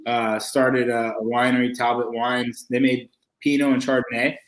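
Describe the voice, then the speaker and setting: A man's voice: medium pitch, normal speed, poor audio. A man, a winemaker guest, chatting casually and telling anecdotes with lots of restarts. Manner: animated anecdotes with acted quotes, many restarts. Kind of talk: casual storytelling chat.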